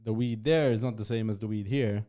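A man hosting a podcast in casual chat, hesitant and halting, laughing often as he talks. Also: lowish voice, warm tone. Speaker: podcast host.

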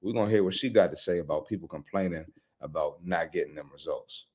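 A man's voice: low voice, fast talker, darkish tone, husky. Blunt, profane male trainer. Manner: blunt, profane, slangy trash talk. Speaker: personal trainer and live stream host. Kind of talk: live reaction stream commentary.

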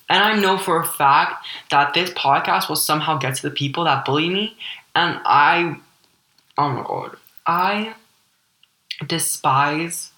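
Candid teen girl from Ukraine, bright echoey voice. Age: teens. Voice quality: deep voice for a girl. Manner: candid, rambling, heavy use of "like" fillers. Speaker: podcast host. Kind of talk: personal storytelling podcast.

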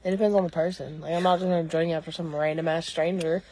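A woman's voice: low voice, steady tone, quick pace, dark tone. A woman in casual podcast chat, blunt and swearing freely.

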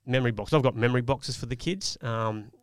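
A man's voice: mid-range voice, brisk, smooth, dry recording. A man, telling a personal parenting story in an earnest, reflective way on a casual podcast. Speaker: podcast co-host. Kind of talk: casual chat.

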